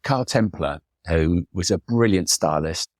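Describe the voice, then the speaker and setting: Middle-aged guest, low voice, dry close sound, enthusiastic storyteller. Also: male voice, a little slow, dry recording. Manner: enthusiastic, chatty anecdotes with acted quotes. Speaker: photographer guest. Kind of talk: storytelling conversation.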